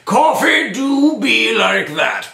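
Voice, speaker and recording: Man doing a pompous squeaky judge. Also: lively intonation, slow, creaky, bright, forceful tone, reverberant, full character voice. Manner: booming, gavel-like repeated calls for order. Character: pompous bumbling male courtroom judge.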